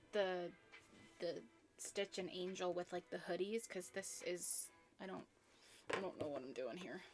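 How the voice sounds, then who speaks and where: Chatty young woman rambling on stream. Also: mid-range voice. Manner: rambling, chatty, full of ums and restarts. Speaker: crochet live streamer. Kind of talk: casual live-stream chat while crocheting.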